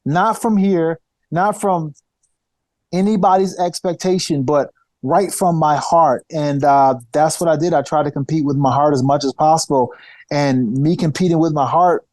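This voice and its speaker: Animated storytelling man, dry close sound. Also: a little high, dry recording. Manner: animated storyteller, repeats and restarts phrases. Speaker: podcast guest, former fighter. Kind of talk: casual interview storytelling.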